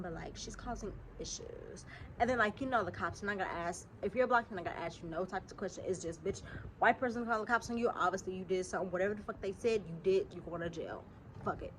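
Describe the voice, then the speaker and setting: Animated, profane woman telling a story. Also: mid-range voice, slight background noise. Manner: animated and profane, swinging from hushed asides to loud outbursts. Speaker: storytime vlogger. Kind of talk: casual storytelling to viewers.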